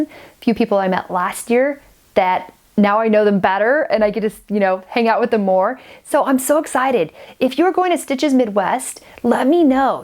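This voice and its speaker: A woman in her forties, sniffly with a cold, chatting to camera as a knitting podcaster, gushing and rambling with many restarts. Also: mid-range voice. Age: 40s. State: stuffy and sniffly. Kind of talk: casual chat to camera.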